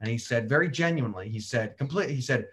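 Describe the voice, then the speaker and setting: A man's voice: medium pitch, expressive, quick pace, a bit bright, breathy edge. A man doing chatty comedic storytelling, full of fillers.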